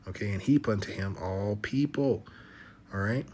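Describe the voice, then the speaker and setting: A man's voice: fairly low pitch, normal speed, a little mellow, a little hiss or hum. A man giving a scripture lesson, reading verses aloud and often checking in with "okay?" and "all right?". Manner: reads verses aloud in older biblical wording. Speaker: religious teacher. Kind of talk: scripture teaching.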